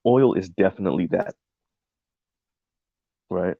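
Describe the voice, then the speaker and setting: A man's voice: sits low, measured pace, gravelly, dry recording, narrow, tinny audio. A man giving casual livestream commentary on a video essay, rambling with many ums and tagging his points with "right?". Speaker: streamer reacting to a video essay.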